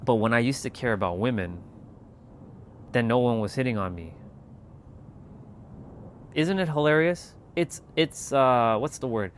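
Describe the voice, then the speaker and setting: A man's voice: medium pitch, animated, unhurried, long pauses, a little hiss or hum. A man hosting a casual motivational livestream, talking emphatically with lots of repetition and casual swearing. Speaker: channel host.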